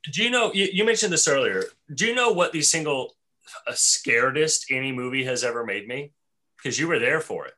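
A man's voice: mid-range voice, lively intonation, fairly quick, sharp tone. A man hosting a casual podcast chat, enthusiastic and saying "dude" a lot. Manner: enthusiastic, says "dude" often. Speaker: podcast host.

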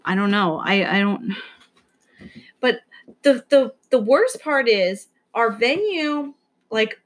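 A woman's voice: a little high, animated, slow. Anxious rambling young woman. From New York area. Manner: anxious, rambling, swears casually. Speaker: podcast co-host. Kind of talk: casual chat.

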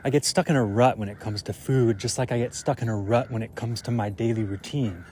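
A man's voice: mid-range voice, fairly quick, darkish tone, slight background noise. A man hosting a podcast alone, recorded outdoors while on a walk. He muses and thinks aloud in a reflective monologue, full of fillers. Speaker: podcast host.

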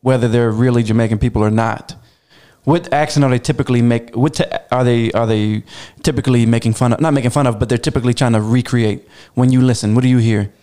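A man's voice: medium pitch, steady tone, quick pace, dark tone. A man from Baltimore interviewing a guest, asking curious, rambling questions in a casual chat. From Baltimore, USA.

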